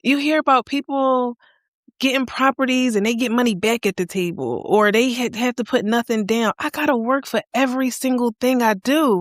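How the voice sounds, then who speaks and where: A young woman from Philadelphia, a guest on an interview, telling her story candidly and acting out her own past dialogue with lively energy. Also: a little high, fairly quick, no echo, clean studio sound. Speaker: guest, accountant and entrepreneur.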